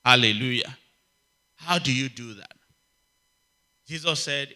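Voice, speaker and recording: A man preaching a sermon, emphatic and repetitive, calling out to the congregation and swinging from loud exclamations to quiet asides. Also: medium pitch, takes it slowly, long pauses. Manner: emphatic, repeats key phrases, asks the congregation for response. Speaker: pastor.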